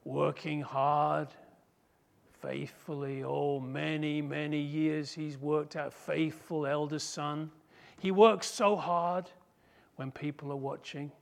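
Male pastor, sermon, high voice, dramatic, emphatic. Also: flat delivery, vocal fry. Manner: slow, emphatic, dramatic storytelling.

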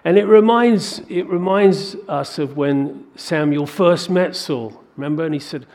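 A man preaching a sermon, working through a scripture passage with animated rhetorical questions. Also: a little high, a little slow. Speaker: pastor.

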